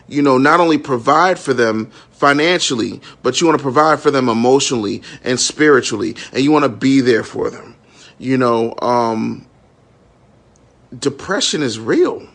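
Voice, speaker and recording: A minister and entrepreneur in his thirties delivers a raw live-stream monologue in a high, tense, bright voice. Frank and emotional, he swears freely and keeps checking his audience is following, saying "you know what I'm saying" many times.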